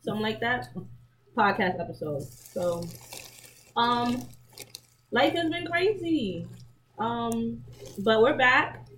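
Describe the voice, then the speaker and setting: A woman's voice: fairly high pitch, animated, fairly bright tone, a little hiss or hum, rough recording. A woman co-hosting a podcast, chatting casually and playfully in slang while she eats. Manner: slangy, playful, quick banter. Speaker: podcast co-host. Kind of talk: casual chat while eating. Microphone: podcast mic, eating sounds.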